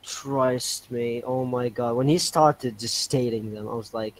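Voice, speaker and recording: Male podcast co-host, mid-range voice, excitable and exclaiming, quick laughs. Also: mid-range voice. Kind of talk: casual podcast chat.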